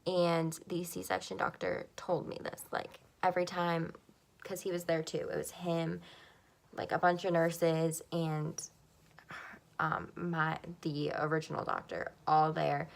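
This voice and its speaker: Young woman with a gravelly, creaky voice. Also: low voice, level tone, unhurried. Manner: emotional, frequent "like" and "um" fillers. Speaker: vlogger. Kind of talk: personal storytelling to camera.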